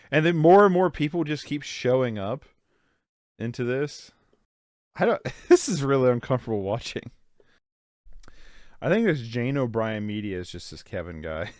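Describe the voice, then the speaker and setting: A man's voice: on the low side, no room sound, studio quality. A young man from Ohio giving casual watch-along commentary on a documentary, incredulous, swearing and laughing often, with lots of "like". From Ohio, United States. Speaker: movie reaction host.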